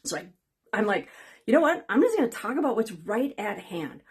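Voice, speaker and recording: A woman's voice: medium pitch, big pitch swings, fairly quick, slightly rough. A woman coach hosting her own channel, talking candidly and conversationally to her viewers, with a wry, sarcastic streak. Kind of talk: casual talking-head video.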